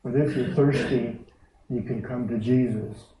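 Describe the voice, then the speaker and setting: Slow-speaking preacher in an echoey hall. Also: male voice, mid-range voice, fairly even intonation, dark tone. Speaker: pastor. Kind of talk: sermon. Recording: echoey hall, distant dull mic.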